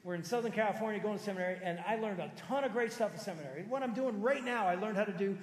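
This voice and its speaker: A man in his fifties with a notably high voice delivers a sermon in a relaxed, animated storytelling way. His voice rings around a large church auditorium, trailing a long hall reverb behind each phrase. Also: very fast. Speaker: pastor.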